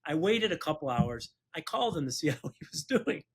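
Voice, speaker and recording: Man with a higher voice, lawyer co-host, casual storytelling, chuckles as he goes. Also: very animated, a little fast, slightly rough. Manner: chuckles through anecdotes, acts out quoted voices. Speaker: personal injury attorney, podcast co-host.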